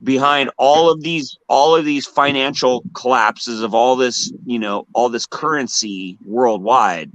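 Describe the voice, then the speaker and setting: An American man in casual livestream chat rants earnestly, his talk full of hesitant fillers. His voice sits at a middle pitch, and the sound is dry and close. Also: a bit bright, no room sound, rough recording. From United States.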